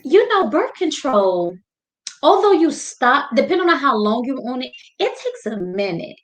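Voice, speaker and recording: Host: a woman with a fairly high voice, encouraging, faith-based chat. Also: big pitch swings, normal speed.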